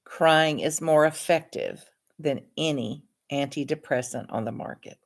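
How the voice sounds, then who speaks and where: A woman, an author and counselor, reading aloud from her own book in a calm, measured, earnest way. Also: sits low.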